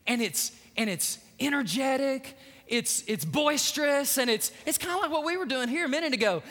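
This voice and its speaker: A pastor delivers his sermon in a high, bright, forceful voice. His storytelling is energetic, with emphatic swings in loudness. A long reverb trails each phrase in the large church. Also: moderate pace.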